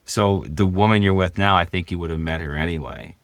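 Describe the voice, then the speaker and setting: A man's voice: deep voice, brisk, no room sound, clean studio sound. A man in a podcast conversation who affirms and encourages his partner and asks follow-up questions.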